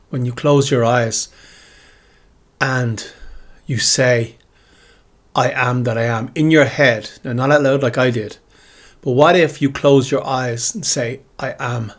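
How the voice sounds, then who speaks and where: A man with a husky, slightly breathy voice talks straight to his viewers in a reflective spiritual monologue. He circles back on his own questions again and again and speaks with open, heartfelt gratitude. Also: mid-range voice, fairly even intonation, slow pace, pauses often. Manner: musing, repetitive questioning; heartfelt, grateful. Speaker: spiritual video creator.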